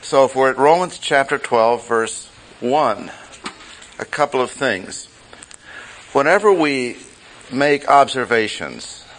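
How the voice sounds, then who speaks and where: Deliberate man teaching a Bible class. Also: mid-range voice, a bit bright, low-quality recording. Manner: deliberate, repeats key phrases for emphasis.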